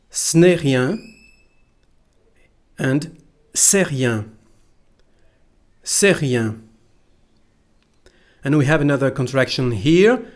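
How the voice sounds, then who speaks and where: A man's voice: mid-range voice, darkish tone. A man with a French accent, a native French speaker from France, teaching pronunciation patiently and repeating phrases for learners. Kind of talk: slow pronunciation lesson.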